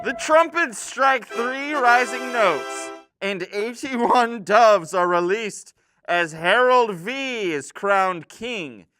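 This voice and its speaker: A man voicing a zealous male courtier in tabletop role-play, with fervent outbursts and slow, dramatic reading. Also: high-pitched, pushed and bright, faint music behind, heavily acted.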